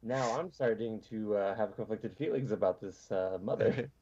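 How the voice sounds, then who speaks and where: A man's voice: lowish voice, normal speed, warm tone, a little hiss or hum. A man playing a tabletop game, joking and wry. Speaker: player. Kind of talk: tabletop role-play, casual. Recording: dull lo-fi mic.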